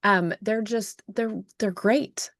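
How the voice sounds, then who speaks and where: A woman hosting a podcast, telling an emotional story in an animated way, with frequent restarts. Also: medium pitch, slow pace, no echo, studio quality. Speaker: podcast host and self-published author. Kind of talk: casual storytelling chat.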